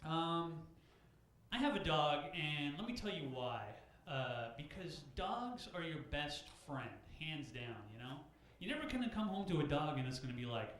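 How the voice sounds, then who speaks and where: A man doing a stand-up comedy set at an open mic, animated and loud, jumping into high shouted bits. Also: moderate pace. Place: comedy club stage. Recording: very echoey club room.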